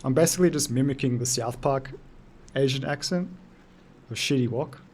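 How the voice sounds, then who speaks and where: A man's voice: medium pitch, moderate pace, darkish tone, a little hiss or hum. A man in his thirties chatting casually while streaming a game, loose and joking, answering his chat. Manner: loose, joking, sweary, talks to chat between game moments.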